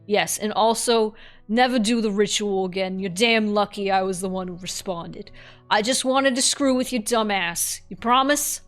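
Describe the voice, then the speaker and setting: A woman's voice: medium pitch, normal speed, faint music behind, close to an everyday voice. A woman doing a brash New York rag doll spirit. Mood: gruff, exasperated. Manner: gruff, blunt and exasperated. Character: brash foul-mouthed murderous rag doll spirit, female.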